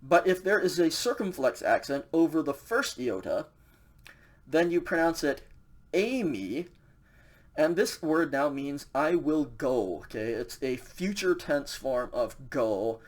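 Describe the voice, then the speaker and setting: A man's voice: a little high, lively intonation, measured pace. Casual filler-heavy male language teacher. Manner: casual, filler-heavy explaining with frequent "okay". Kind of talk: recorded slide lecture.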